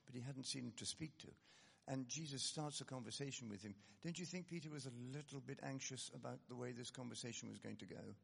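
Gravelly, animated preacher. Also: male voice, mid-range voice, long reverb tail. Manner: animated, conversational, self-deprecating asides. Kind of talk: sermon.

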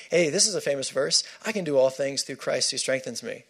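A man's voice: medium pitch, expressive, fairly quick, creaky, few pauses, a bit bright, husky. A man preaching a sermon, emphatic and repeating key phrases for stress.

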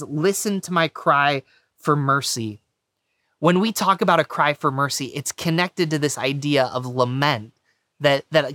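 A man's voice: on the high side, fairly bright tone, no room sound, studio quality. Earnest pastor man preaching. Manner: earnest, conversational preaching with frequent "you know". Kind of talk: sermon.

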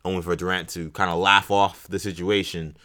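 A man with a low voice that still rings bright and forward. He co-hosts a podcast in casual sports chat, rambling with many fillers and restarts. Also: flat delivery, a little fast. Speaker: podcast co-host.

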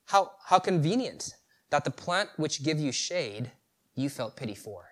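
A man's voice: on the high side, very animated, measured pace. A male preacher voicing God as a patient deity, pressing with pointed rhetorical questions. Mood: confronting.

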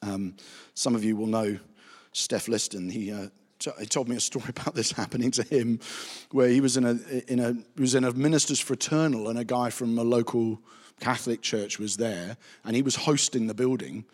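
A man, a pastor giving a chatty, anecdotal Bible teaching with animated asides. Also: medium pitch, normal speed. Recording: reverberant hall.

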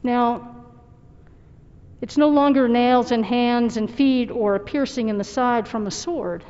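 Woman, pastor, sermon, reflective, earnest, somewhat high voice, long hall reverb, muffled sound. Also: unhurried, warm tone, smooth.

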